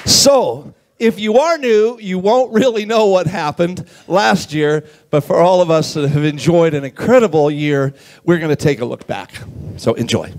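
A man's voice: a little high, normal speed, a little mellow, a little hiss or hum. A man in church leading the welcome in an upbeat, playful way. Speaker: worship leader welcoming the congregation.

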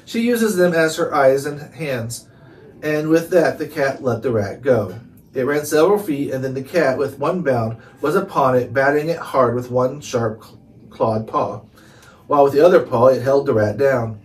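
A man narrating a chapter book aloud in calm, steady read-along storytelling. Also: mid-range voice, moderate pace. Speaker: storybook reader. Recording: distant mic, faint hiss.

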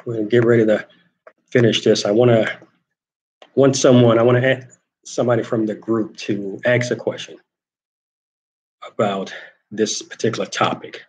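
Male host, casual storyteller, slightly low pitch, animated. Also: normal speed, pauses often, poor audio. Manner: animated storyteller acting out quoted voices. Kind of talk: casual storytelling and reading comments.

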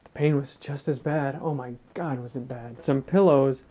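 A man's voice: medium pitch, fairly even intonation, moderate pace, mellow. A man in his twenties telling a personal story to camera in a blunt, profane way, acting out what others said. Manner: blunt and profane, swears freely, acts out dialogue. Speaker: vlogger.

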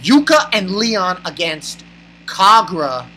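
An excitable reviewer rambles through a manga chapter in a bright, cutting voice. They exclaim and laugh as they go, with a faint hiss in the background. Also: mid-range voice, takes it slowly, rough recording.

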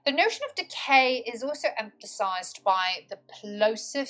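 High, articulate woman teaching poetry. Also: animated, normal speed, few pauses, fairly bright tone, faint music behind. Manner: articulate, precise academic wording; stretches and stresses words to show poetic rhythm. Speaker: literature tutor. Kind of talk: exam-prep poetry analysis lesson.

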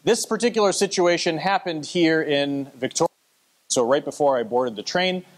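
A man's voice: on the high side, normal speed. A man presenting at a conference, telling a story with wry asides to the audience.

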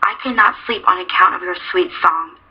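A woman voicing a cranky, short-tempered old female owl in a storybook, with a shrill, scolding manner. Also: fairly quick, breathy edge. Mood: sweetly cunning. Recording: dull lo-fi recording.

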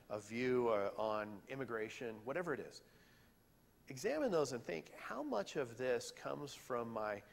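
A man giving a sermon in a church, earnest and questioning, sometimes pausing to search for words. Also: mid-range voice. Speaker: pastor. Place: church sanctuary. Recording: hall reverb.

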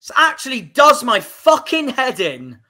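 A man's voice: extremely high pitch, wildly swooping pitch, a little slow, pushed and bright. Angry swearing Cornish man. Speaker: football fan channel host. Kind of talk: emotional livestream reaction.

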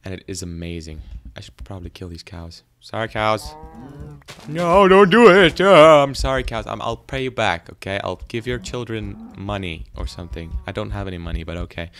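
A man's voice: low voice, brisk, few pauses, fairly bright tone, slight background noise. A man doing casual, rambling game commentary in a goofy, self-deprecating way, chatting to the animals on screen. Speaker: gaming YouTuber.

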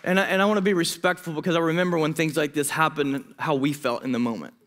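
A man in his thirties, a student pastor preaching a sermon, telling a personal story with emotion and quick asides. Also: fairly high pitch, fairly even intonation, fairly bright tone, a faint crowd. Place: church hall.

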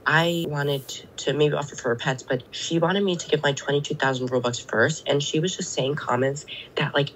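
A woman's voice: sits low, fairly even intonation, normal speed, few pauses, slight background noise, rough recording. A woman guest telling a story casually, rambling and filling with "like". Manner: rambling, fills with "like". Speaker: guest friend.

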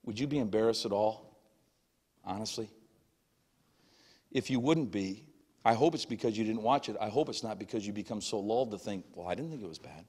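A middle-aged male pastor preaching a sermon, moving between shouted passages and hushed asides, recorded in a church sanctuary. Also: medium pitch. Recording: long church hall reverb.

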